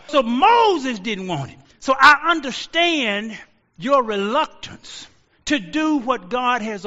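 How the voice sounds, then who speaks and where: A man in his sixties preaching a sermon as a pastor, telling stories and shouting out quoted lines. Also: very high-pitched, long reverb tail, lo-fi sound. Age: 60s.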